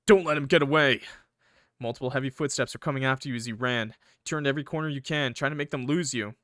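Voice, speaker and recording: A young man reading a visual novel aloud as a gaming creator, breaking off into excitable, swearing reactions. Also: medium pitch, no room sound, clean studio sound.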